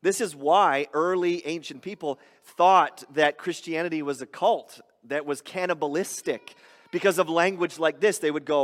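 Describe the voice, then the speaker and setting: High-voiced animated male preacher. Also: normal speed. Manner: animated, conversational preaching with playful grumbling voices. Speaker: pastor. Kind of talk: sermon. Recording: hall reverb.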